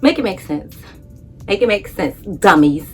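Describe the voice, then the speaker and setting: A woman vlogger telling a story in a casual, animated, blunt way, swearing freely. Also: mid-range voice, normal speed, husky, faint music behind.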